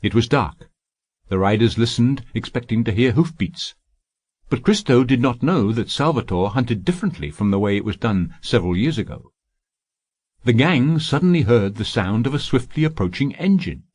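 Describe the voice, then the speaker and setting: Steady male audiobook narrator, dry sound. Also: mid-range voice, normal speed, no room sound.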